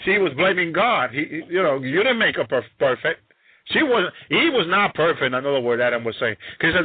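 A man's voice: on the high side, expressive, normal speed, breathy edge, dry recording. A man preaching a sermon, emphatic and repetitive, often exclaiming hallelujah. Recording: tinny phone-like sound.

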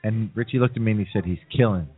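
Fast-talking man ranting on tinny radio. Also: fairly low pitch, steady tone, breathy edge, soft background music. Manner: rapid, heated storyteller. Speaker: guest. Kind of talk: casual bar radio chat. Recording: tinny phone-like radio broadcast.

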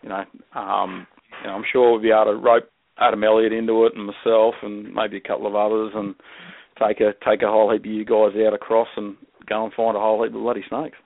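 An Australian man talks in a relaxed, rambling way, his low voice full of gravelly fry. He sounds dry and close, squeezed through a thin, phone-like call line. He laughs often and restarts his sentences as he goes. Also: fast, no echo. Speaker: guest herpetologist. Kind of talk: casual podcast chat. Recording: tinny phone-like call audio.

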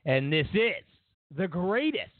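With big swings in his high-pitched voice, a man hosting talk radio delivers a slow, mocking, ranting monologue, voicing both sides of exchanges. The audio has no echo but a tinny, phone-like radio quality.

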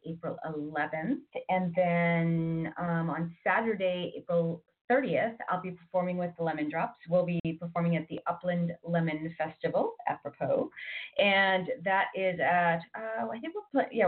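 A chatty woman hosts a radio program, rambling through announcements with plenty of ums and restarts. Her voice sits a little low and sounds thin and tinny, as if heard over a phone line. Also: moderate pace. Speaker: radio host. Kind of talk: casual radio chat.

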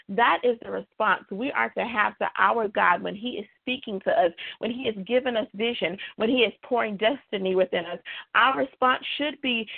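A woman's voice: a little high, moderate pace, vocal fry. A woman preaching a sermon, emphatic, with repeated refrains. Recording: tinny phone-like dry sound.

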